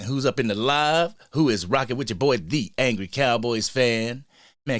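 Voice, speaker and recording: A man's voice: on the low side, dry recording. Dude hyped up on his fan livestream, reading chat names, dry sound. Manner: hyped, shout-outs to chat, frequent slang. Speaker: sports fan livestream host.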